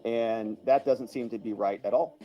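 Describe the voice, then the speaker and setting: A man's voice: mid-range voice, fairly even intonation, normal speed, highs cut off, soft background music. A man hosting a casual livestream, chatty and chuckling as he thanks viewers by name and reacts to their comments. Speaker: livestream host.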